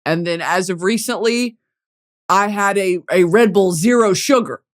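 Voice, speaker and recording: A young woman hosting a podcast in a casual comedic monologue, profane and animated, jumping from loud outbursts to low mutters. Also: a little slow. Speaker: podcast host.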